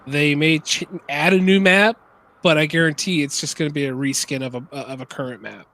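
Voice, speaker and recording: A man's voice: a little high, fairly even intonation, a little fast, a bit bright. A man speaking as a co-host in a casual chat, blunt and dismissive in his opinions.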